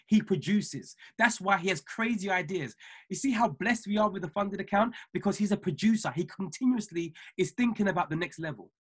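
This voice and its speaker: A man giving an emphatic, repetitive motivational talk to his trading mentees over a video call, building from calm to fiery. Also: high-pitched, husky. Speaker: trading mentor.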